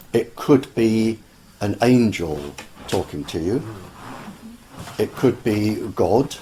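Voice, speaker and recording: Slow, low-voiced man. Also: mellow, a little hiss or hum. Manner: earnest, deliberate, many filler ums. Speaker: guest. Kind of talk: slow conversational explanation.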